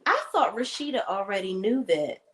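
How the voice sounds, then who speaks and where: A woman's voice: medium pitch, normal speed, low-quality recording. A woman casually recapping a TV episode on a streamed talk show, telling it with profanity and acting out the characters' lines. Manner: animated storytelling, acts out characters' lines. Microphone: remote stream setup.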